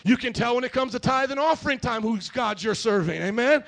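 A middle-aged male pastor preaching a sermon, calling out to the congregation and rising to shouts. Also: very high voice, expressive, brisk, vocal fry. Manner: call-and-response, rising to shouts.

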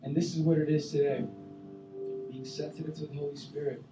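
A man preaching a sermon as a youth pastor, animated, bursting into loud acted-out voices. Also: on the high side, a little fast, over music. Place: church sanctuary. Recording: echoey room, voice from far off the mic.

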